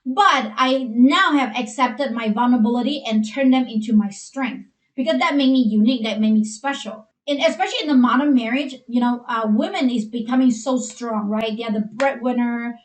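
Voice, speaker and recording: Woman, Chinese accent, high voice, earnest advice-giver with lots of fillers, echoey room. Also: moderate pace, hardly any pauses. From Asia. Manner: earnest, heavy use of "you know" fillers. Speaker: co-host. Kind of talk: advice talk for couples.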